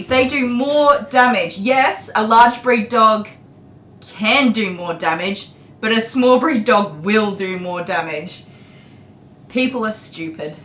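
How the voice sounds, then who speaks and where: A middle-aged Australian woman talks to her livestream viewers while she grooms, blunt and exasperated, tossing in mild swears and laughing. Her voice sits a touch high and reaches the mic from a distance. The salon around her is echoey, with faint noise in the background. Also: fairly bright tone. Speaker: dog groomer streaming live. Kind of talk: casual livestream chat.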